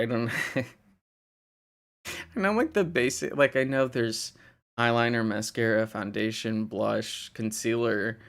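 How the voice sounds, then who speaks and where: A man's voice: mid-range voice, vocal fry, a bit bright. A young man from Indiana, rambling casually on a livestream, laughing and swearing as he reads chat. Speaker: livestream host.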